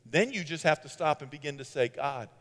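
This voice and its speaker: A man preaching a sermon as pastor, swinging between loud emphatic bursts and quiet asides. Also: fairly high pitch, animated, brisk. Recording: long hall reverb.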